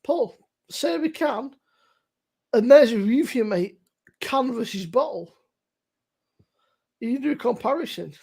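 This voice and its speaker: A woman co-hosting a live beer review stream, teasing her friends loudly with plenty of swearing. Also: fairly high pitch, expressive, measured pace, vocal fry, pauses often, breathy edge. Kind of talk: casual live-stream banter.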